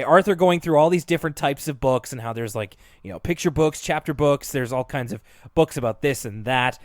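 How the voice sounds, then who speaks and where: A man's voice: mid-range voice, dry recording, studio quality. A man co-hosting a podcast, casually recapping a cartoon episode, rambling and laughing often. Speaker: podcast co-host.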